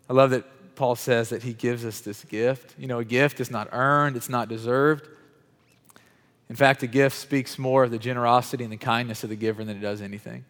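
A man's voice: mid-range voice, steady tone, fairly quick, a bit bright, long reverb tail. A man preaching a sermon in a church, talking conversationally, putting questions to his congregation, with many restarts and fillers. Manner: frequent "like" and repeated false starts. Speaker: pastor. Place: church hall with chairs.

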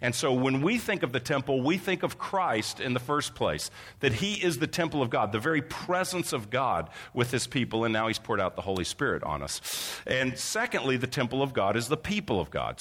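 A man's voice: a little high, fairly bright tone. A man preaching a sermon, earnest and explanatory, often repeating words as he teaches. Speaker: pastor. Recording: long reverb of a large hall.

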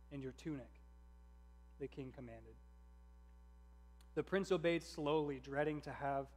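A man reading a story aloud in a measured, earnest narration. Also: fairly high pitch.

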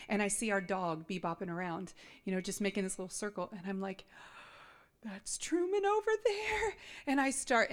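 A woman in her thirties giving an earnest, animated mission trip testimony to a church congregation, talking straight to the listeners. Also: medium pitch. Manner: earnest and animated, addressing the audience directly.

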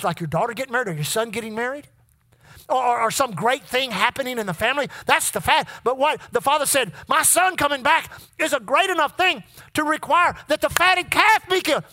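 Preacher, sermon, call-and-response, animated pitch, reads old scripture wording, repeats words. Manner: repeats words and restarts when building up.

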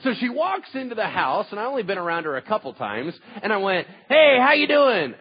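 A man preaching a sermon in church, telling stories in an animated way that swings from loud bursts to hushed asides, with what he calls a huge voice. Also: high-pitched, quick pace, husky, muffled recording. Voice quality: self-described huge voice. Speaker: pastor.

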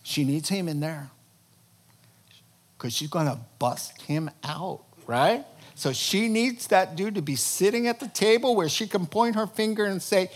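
Male preacher, unhurried delivery, animated storytelling, playful character voices. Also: a little high. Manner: acts out characters with funny voices, chuckles.

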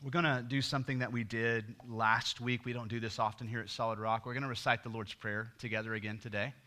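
A middle-aged man preaching a sermon, swinging from loud emphasis to hushed near-whispers. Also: medium pitch, flat delivery, quick pace. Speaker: pastor.

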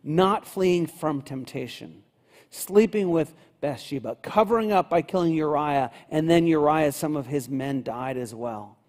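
A male pastor gives an earnest, unhurried sermon with a mellow, warm tone. His voice carries a long reverb through a church sanctuary. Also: on the high side. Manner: earnest, unhurried preaching with slow scripture reading.

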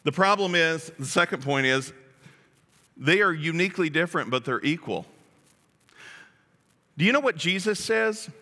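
Lively, high-voiced preacher in a big hall. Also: male voice, moderate pace, pauses often. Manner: jokey, animated, acts out quotes. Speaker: pastor. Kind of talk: sermon.

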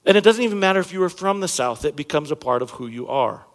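A man's voice: fairly high pitch, animated, fast talker. A man in his thirties preaching a sermon as a pastor, talking in a conversational, joking way and hitting key words hard. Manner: conversational and humorous, jokes with the congregation; emphatic, punching key words. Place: church sanctuary stage under bright lights. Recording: long reverb of a large hall.

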